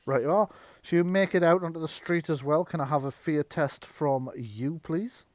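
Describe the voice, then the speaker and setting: A man narrating and running a tabletop horror game as game master, chatty and quick to laugh. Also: fairly high pitch, no echo. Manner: chatty, laughs often, slips into quick character voices.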